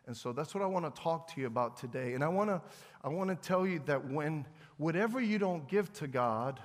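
A man's voice: medium pitch, big-room sound. A male pastor preaching a sermon in a church in a conversational way, repeating phrases and asking the congregation for amens. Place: church sanctuary.

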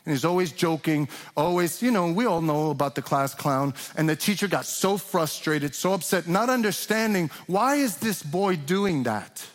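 A man preaching a sermon as pastor, passionate and emphatic, pressing his points with rising questions. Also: high voice. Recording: long reverb of a large hall.

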